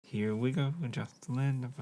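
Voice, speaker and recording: A man co-hosting a live stream, talking casually through his moves in a card game and trading quick jokes with his opponent. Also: mid-range voice, steady tone, warm tone. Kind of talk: casual chat while playing.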